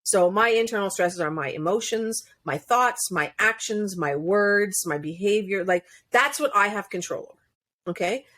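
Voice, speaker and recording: A woman's voice: mid-range voice, lively intonation, normal speed, pushed and bright. A woman coach, a podcast guest, talking in casual interview chat, earnest and explanatory, laughing now and then.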